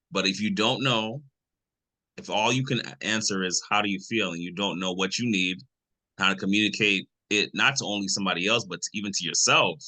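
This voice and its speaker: A man's voice: sits low, sharp tone, dry recording. A man, a ministry co-founder, sharing in a casual group discussion, rambling and conversational with many fillers.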